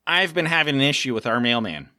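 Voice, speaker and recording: This South African co-host, middle-aged, tells stories in a lively, relaxed way on a podcast, voicing the people he quotes. He speaks fast in a mid-range voice, with clean studio sound and no room sound.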